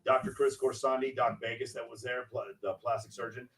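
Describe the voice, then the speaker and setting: A man's voice: medium pitch, flat delivery, a bit bright. Brash joking male panel show host. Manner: joking, brash, introduces guests in quick succession. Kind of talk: casual panel show hosting. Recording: distant mic with noticeable background noise.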